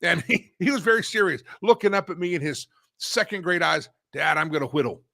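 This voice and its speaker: Chatty talk show host guy, bright punchy voice, laughs a lot, dry close mic. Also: high-pitched, brisk, no echo. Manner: animated storyteller, laughs often, swings loud. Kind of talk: casual talk show banter.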